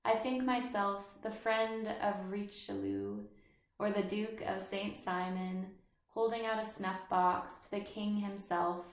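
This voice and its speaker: A brooding schoolboy who feels like an outsider, read by a woman. He speaks slowly and evenly with little lift in the pitch. The voice carries a roomy echo. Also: steady tone, lightly acted.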